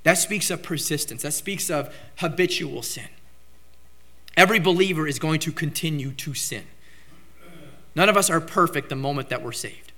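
Brief: male pastor with a bright, high voice, preaching emphatically. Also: moderate pace. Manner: emphatic preaching, rising to loud outbursts on key phrases. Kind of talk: sermon.

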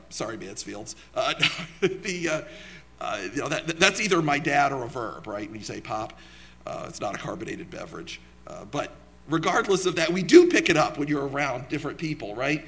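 A man's voice: a little high, fairly bright tone. A young man preaching a sermon in a church, talking conversationally, asking the congregation questions and telling personal stories.

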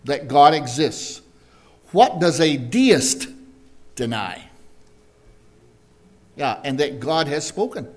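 A man preaching a verse-by-verse Bible lesson, slowly and deliberately, asking his listeners questions as he goes. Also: a little high, lively intonation, a little mellow. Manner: slow, deliberate, asks the congregation questions. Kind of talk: Bible teaching sermon.

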